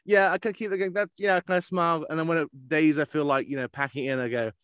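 A man who works as a voice actor, chatting casually in an interview and telling animated stories. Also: a little high, fast, clean tone, dry recording, studio quality. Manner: animated storyteller who slips into character voices. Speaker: voice actor guest.

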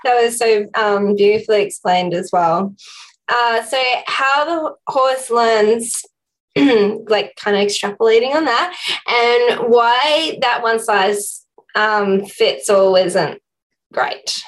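A woman hosts a podcast interview, encouraging her guest and asking her questions without hurry. Her voice sits a little high, and she speaks at a slow pace. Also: poor audio.

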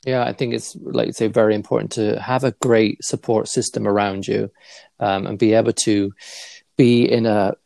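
A man's voice: lowish voice, little pitch movement, normal speed, gravelly, a little mellow, dry recording. A man hosting a podcast interview, encouraging and affirming as he chats with his guest. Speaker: podcast host. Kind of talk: conversational interview.

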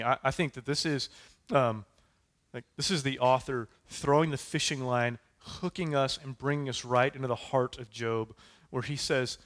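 A man's voice: mid-range voice, moderate pace, a bit bright. Casual conversational male preacher. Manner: conversational, casual fillers and asides. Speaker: pastor. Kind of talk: sermon.

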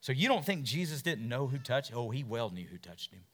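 A man preaching a sermon and retelling scripture stories, swinging from loud, urgent passages to hushed asides and asking his listeners question after question. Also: mid-range voice, big pitch swings, brisk. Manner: asks the listeners many questions.

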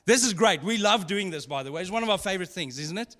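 This pastor talks fast in a high, bright and forceful voice that's highly expressive. His sermon comes across as funny, conversational storytelling with laughs and frequent asides, set in a long hall reverb.

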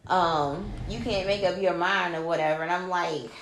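A woman co-hosting a podcast, telling a long story in casual chat, animated and swearing freely as she quotes people. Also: on the low side, moderate pace. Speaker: podcast co-host. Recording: echoey room with faint noise.

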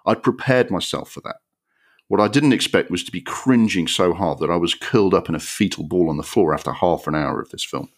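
Low-voiced male podcast host, sarcastic sweary ranter. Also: a little fast. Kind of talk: ranting film review.

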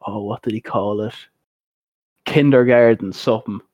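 A young Irish man chatting casually, telling an animated story and laughing often. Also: on the low side, normal speed, no room sound. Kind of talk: casual chat. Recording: dull dry recording.

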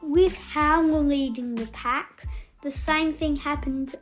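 A woman reading a children's story aloud in an expressive, playful way. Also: high-pitched, takes it slowly. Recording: faint background music.

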